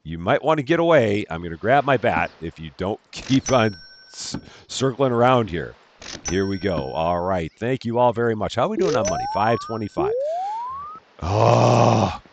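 A man's voice: on the low side, huge pitch swings, moderate pace, gravelly, background noise. A man giving casual, jokey let's-play commentary, chatting to the characters in a game as he plays. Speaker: gameplay commentator.

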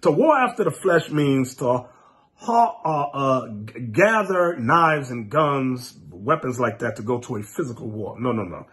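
A man preaching a fiery, mocking sermon, scolding his listeners with sudden shouts. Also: mid-range voice, lively intonation, measured pace. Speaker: preacher and teacher.

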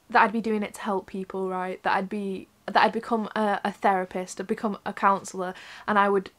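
A young woman vents straight into her camera from a room at home, her voice sitting a little high. She rambles and swears freely, sounding upset and close to tears. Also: bright, forceful tone. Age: young adult. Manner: frank, rambling, swears often. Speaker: vlogger. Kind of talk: candid talk to camera. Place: indoors at her mother's home.

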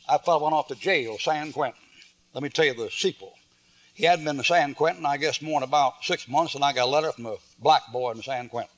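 A preacher man, older, telling folksy stories in a sermon, shifting between loud bursts and quiet asides. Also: on the high side, brisk.

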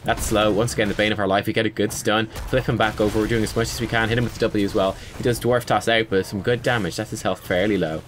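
A man's voice: lowish voice, fairly even intonation, quick pace, few pauses, a little hiss or hum. A man giving casual gameplay analysis commentary, conversational and self-critical, with frequent fillers. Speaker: gaming video creator.

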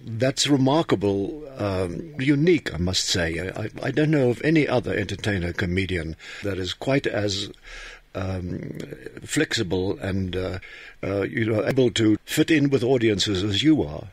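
A man hosting a radio interview, asking questions in a halting way with repeated words. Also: fairly low pitch, expressive, husky, no room sound. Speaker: radio host. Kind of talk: casual interview chat. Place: radio studio.

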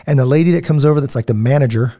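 A man's voice: mid-range voice, racing, warm tone. A middle-aged man hosting a podcast, telling stories in a casual, digressive way and acting out the people he quotes. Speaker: podcast host. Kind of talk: casual storytelling chat.

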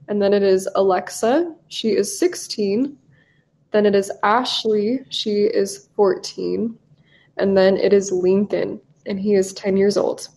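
A woman's voice: mid-range voice, a little mellow. A young woman in her twenties from the United States, an English teacher leading a live online class, upbeat and encouraging with casual fillers, heard over a video call.

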